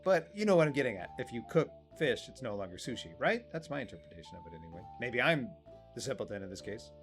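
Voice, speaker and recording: A man's voice: medium pitch, very animated, fast talker. A man hosting a let's play, making wry, joking asides about a game in casual commentary. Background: faint game music.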